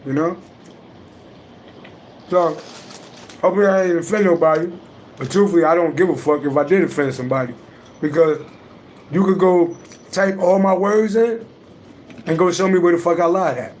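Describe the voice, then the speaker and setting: A man's voice: sits high, moderate pace, long pauses, darkish tone, slight background noise. A man, hosting a livestream and talking bluntly and emphatically with heavy profanity. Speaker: livestream host, astrology reader. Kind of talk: casual livestream talk.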